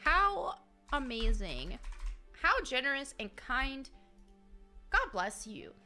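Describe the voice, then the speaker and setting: Female game streamer, high bright voice, giggly and chatty, reads chat aloud. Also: sing-song, slow, faint music behind. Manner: chatty and giggly, with frequent fillers and restarts. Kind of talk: casual live-stream chat, reading viewer messages.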